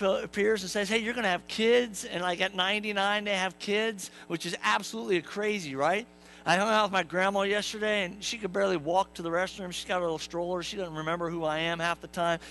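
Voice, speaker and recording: A man's voice: high-pitched, sharp tone, low-quality recording. A male pastor preaching a sermon in a church, conversational and joking, talking to the congregation and acting out quotes in playful voices. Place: church sanctuary.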